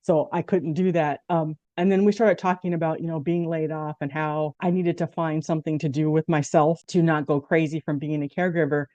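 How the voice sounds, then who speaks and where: A woman in her fifties chats as host, her voice low and mellow. She tells her stories with animated, acted-out quotes. The sound is dry and a little dull. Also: fairly quick, hardly any pauses, dry recording. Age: 50s. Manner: animated storyteller, acts out quotes. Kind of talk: casual conversation.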